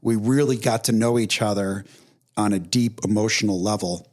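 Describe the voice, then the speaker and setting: A man's voice: fairly low pitch, fairly even intonation, moderate pace. A middle-aged man hosting a podcast, speaking candidly and with emotion, with many fillers and restarts. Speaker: podcast host. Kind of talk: casual conversation.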